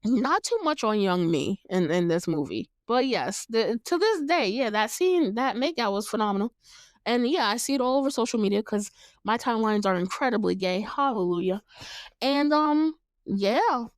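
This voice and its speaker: A woman's voice: a little high, animated, normal speed, smooth, no room sound, studio quality. A woman in her late twenties hosting a podcast, giving a casual and candid recap of a movie, cursing freely and laughing often. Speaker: podcast host.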